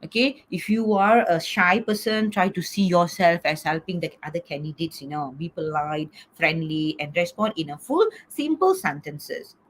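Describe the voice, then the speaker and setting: A middle-aged woman teaches an online class over a video call, coaxing her students and asking "okay?" after almost every point. Her voice is fairly low with lively intonation, at normal speed with few pauses.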